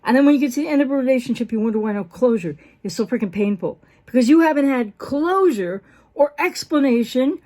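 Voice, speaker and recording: A woman with a high, bright-pitched voice talks unscripted as a mental health professional hosting her own channel. She rambles with fillers and restarts, and she acts out both sides of an argument with sudden leaps in pitch. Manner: animated, acts out quoted dialogue with big pitch jumps; rambling, with fillers and self-interruptions. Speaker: host of a breakup recovery channel. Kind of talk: unscripted talking-head explainer.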